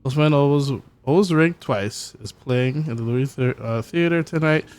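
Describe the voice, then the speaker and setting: A man in the middle of a story game, reading its letters aloud with plenty of stumbles and restarts. Now and then he breaks off for a dry, cursing aside. Soft music plays faintly underneath. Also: mid-range voice. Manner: halting reading with stumbles and wry profane asides. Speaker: gameplay streamer.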